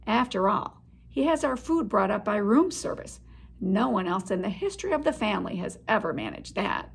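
A woman reading aloud, voicing a sensible aunt mouse in a measured, reasoning way. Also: medium pitch, sing-song, vocal fry, slightly rough, full character voice. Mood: reasonable.

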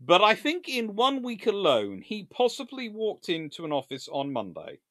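A man hosting a live-stream history lecture, telling his story in an animated, theatrical way. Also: high-pitched, moderate pace, no echo, clean studio sound. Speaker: naval historian host.

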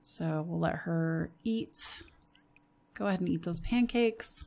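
An American woman gives relaxed let's-play commentary in an everyday voice. She chats straight at her game characters and jumps into sudden bursts of excitement. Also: on the low side, slow pace, gravelly. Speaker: gaming channel host.

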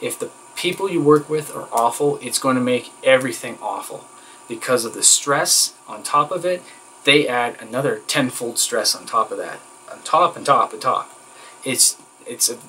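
A man's voice: medium pitch, bright, forceful tone, a little hiss or hum, low-quality recording. A man talking straight to camera in a casual vlog, candid and rambling, venting with plenty of fillers and an exasperated edge. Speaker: vlogger.

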